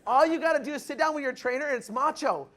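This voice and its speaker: A man giving a loud, punchy motivational speech to new recruits, asking the crowd if they follow him, with the audience answering back. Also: extremely high pitch, fast. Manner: acts out quoted people in changed voices. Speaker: motivational speaker at recruit orientation. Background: audience responding.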